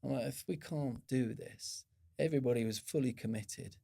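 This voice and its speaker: A middle-aged man speaks in a gravelly voice of average pitch. He tells stories as a podcast guest and often breaks off and restarts his sentences. He sounds animated. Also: moderate pace. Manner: animated storyteller, many restarts. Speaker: guest, former procurement executive. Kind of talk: conversational podcast interview.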